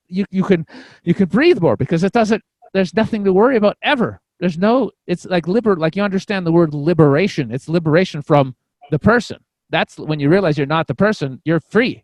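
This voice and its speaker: A man with a slightly high voice tells a long personal story on a podcast. He rambles, swears casually and keeps stopping to restart his sentences. The recording is close and dry, with no room echo. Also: brisk. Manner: rambling, profane, frequent restarts. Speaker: podcast guest, comedian.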